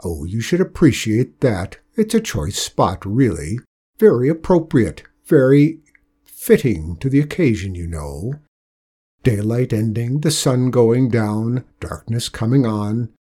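A man's voice: medium pitch, sing-song, measured pace, dark tone, slightly rough. A man voicing Death as a chatty, officious male figure who relishes his bookkeeping, in a storybook reading. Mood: self-pleased.

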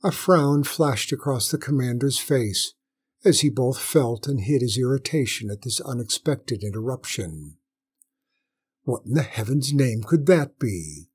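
A man narrating a story in a measured, dramatic storytelling manner. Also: mid-range voice, lively intonation, darkish tone, husky. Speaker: audiobook narrator.

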